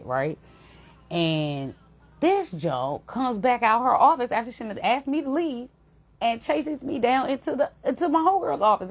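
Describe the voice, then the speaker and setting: A young woman, an intuitive reader, telling an emotional story to her viewers in a casual, animated way. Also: low-pitched, normal speed, slightly rough.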